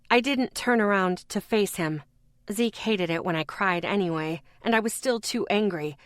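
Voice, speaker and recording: A woman narrating a first-person paranormal audiobook in a steady, measured way, close to the mic. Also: mid-range voice, no echo.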